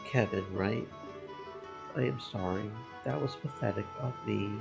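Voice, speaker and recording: A man's voice: lowish voice, measured pace, creaky. A man voicing a spirited, blunt young woman fighter who answers skeptically. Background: game music.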